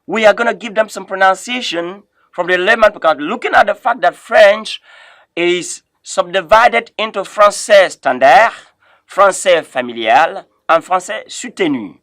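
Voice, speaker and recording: A man's voice: sits high, fairly bright tone, dry recording. Man teaching French pronunciation, repeating words. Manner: repeats words slowly for learners to copy; says "of course" often. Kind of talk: classroom lesson, teaching pronunciation.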